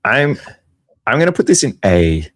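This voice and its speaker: A man's voice: medium pitch, very animated, normal speed. A man, co-hosting a casual podcast chat in a laid-back, agreeable way with casual slang. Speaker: podcast co-host.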